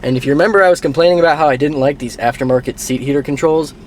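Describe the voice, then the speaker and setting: Man, slightly high voice, wry and chatty, self-filming a car repair, light outdoor hum behind. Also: rapid-fire, darkish tone. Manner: chatty and wry, with mild grumbling. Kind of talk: casual self-filmed car vlog. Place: outdoors by a car, then inside it driving. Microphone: handheld camera mic.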